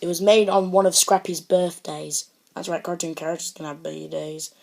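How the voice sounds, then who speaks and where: A woman's voice: fairly low pitch, level tone, moderate pace, gravelly, darkish tone. A woman giving a casual online movie review, earnest and impassioned, who rambles and restarts her sentences often.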